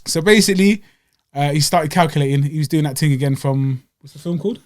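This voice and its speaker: A young man, telling stories in an animated, slangy way as a podcast co-host. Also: a little high, fast. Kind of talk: casual chat.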